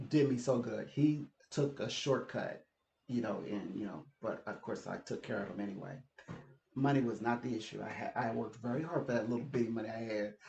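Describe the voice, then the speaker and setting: A man's voice: mid-range voice, vocal fry, darkish tone. A man talking in a casual, rambling monologue, laughing often and repeating words as he goes. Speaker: channel host. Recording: echoey room, slightly dull sound.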